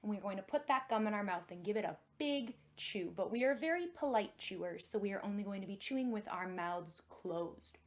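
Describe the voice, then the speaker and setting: A young woman leading a children's music and magic lesson in a gentle, encouraging way that is exaggerated for kids. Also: medium pitch, lively intonation, fairly quick, hardly any pauses.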